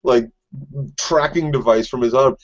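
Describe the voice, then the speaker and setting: A man's voice: mid-range voice, unhurried, dull audio. A man co-hosting a casual TV recap podcast, joking and laughing often. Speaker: podcast co-host.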